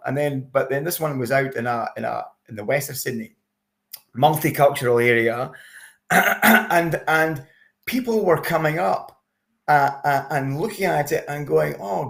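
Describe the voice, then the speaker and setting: Gravelly-voiced man telling stories. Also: on the high side, fairly bright tone. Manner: hesitant, repeats words, chatty storytelling. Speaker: interview guest, expat campaigner. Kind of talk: casual conversational interview.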